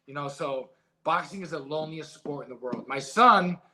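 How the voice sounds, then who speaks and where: A middle-aged man, a former boxer being interviewed, who tells stories in a casual, animated and emotional way and swears freely. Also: fairly high pitch, normal speed. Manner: emotional, animated storytelling with profanity. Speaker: guest, former heavyweight boxer.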